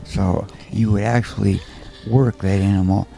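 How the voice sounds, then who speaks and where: A man's voice: fairly low pitch, fairly even intonation, normal speed, gravelly, warm tone. A man talking earnestly and casually about animals he trained, with faint film music behind. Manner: earnest storytelling. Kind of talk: casual commentary chat.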